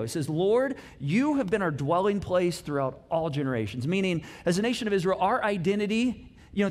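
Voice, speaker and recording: A middle-aged man whose voice sits high gives a casual, conversational sermon. He tells the story in an animated way, with playful asides and sudden swings in loudness.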